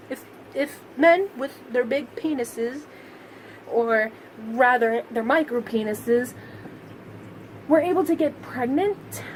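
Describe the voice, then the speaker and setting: A woman's voice: high voice, slight background noise, poor audio. A woman vlogger delivering a heated, sarcastic monologue to camera, swearing constantly. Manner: profane, heated, sarcastic ranting.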